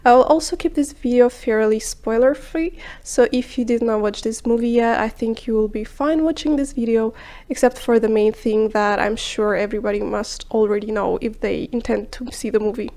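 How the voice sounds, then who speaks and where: A woman with a fairly high voice reads a film review from a script. She speaks in a measured, explanatory way and now and then drops into a hushed aside. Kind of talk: scripted video narration.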